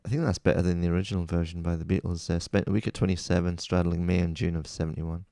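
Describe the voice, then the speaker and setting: A very low-pitched man with a heavily gravelly, dark voice talks through his favourite songs in a casual, rambling way. He often second-guesses and corrects himself mid-thought. The sound is dry, with no room echo. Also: level tone, fast. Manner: chatty, rambling, self-correcting. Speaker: music playlist host. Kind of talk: casual chat about music.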